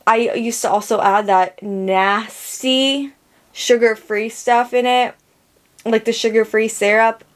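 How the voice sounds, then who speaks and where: A young woman hosts a casual solo podcast, her voice sitting a touch high. She rambles and laughs at herself, trailing off into fillers and restarts. She sounds a little under the weather. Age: young adult. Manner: rambling, self-mocking, lots of fillers. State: sick. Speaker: podcast host.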